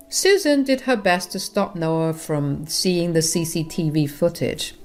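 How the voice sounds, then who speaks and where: A woman's voice: lowish voice, unhurried, hardly any pauses, darkish tone, soft background music. Woman telling a family drama story. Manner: conversational, addresses listeners directly. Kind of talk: first-person story narration.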